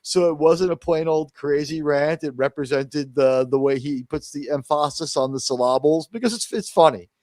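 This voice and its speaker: A man with a fairly high voice hosts a casual live review stream. He rambles through his points with plenty of fillers and restarts. His voice sits close and dry on the mic, with no room around it. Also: normal speed, hardly any pauses, a little mellow, dry recording. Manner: rambling, many restarts and fillers, quotes others in mock voices. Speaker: host of a live review show.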